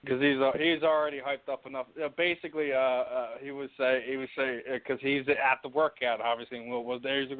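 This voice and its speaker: A man's voice: mid-range voice, little pitch movement, quick pace, hardly any pauses, dry recording. A man hosting a casual interview, rambling with many fillers and laughing easily. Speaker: podcast host. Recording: tinny phone-like line.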